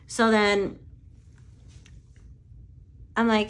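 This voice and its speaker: A woman's voice: mid-range voice, moderate pace, creaky, pauses often, slight background noise. A woman lash artist telling a story in casual chat, swearing freely and quoting conversations with "I'm like".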